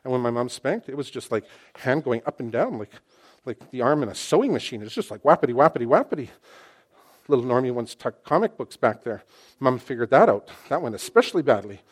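A pastor in his sixties preaching a sermon, swinging between loud exclamations and hushed asides and repeating phrases for emphasis. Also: medium pitch, very animated, a little fast.

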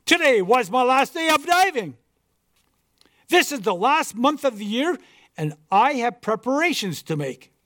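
A man's voice: extremely high pitch, very animated, a little slow, bright, forceful tone, no echo, clean studio sound, pitched above the performer's own voice, exaggerated voice. A man voicing a proud, devout old pearl diver in an earnest, formal storybook reading.

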